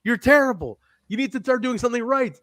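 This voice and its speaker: A man's voice: extremely high pitch, lively intonation, quick pace, fairly bright tone, no echo, pitched above the performer's own voice. A man doing an impression of a bossy male wrestler who berates someone repetitively. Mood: berating.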